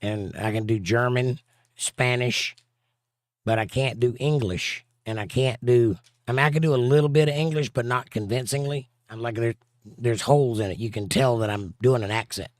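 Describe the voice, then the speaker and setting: Man, Southern US accent, livestream host, dry sarcastic humor, middle pitch, dry close sound. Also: normal speed, no echo. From southern United States. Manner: dry, sarcastic, drawling asides. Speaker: livestream host reading chat. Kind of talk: casual chat.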